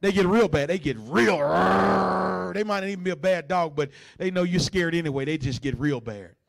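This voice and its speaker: A pastor with an unusually high voice for a man delivers a sermon at a brisk pace, shifting from chatty asides to loud, soaring passages. Every so often he growls like a dog.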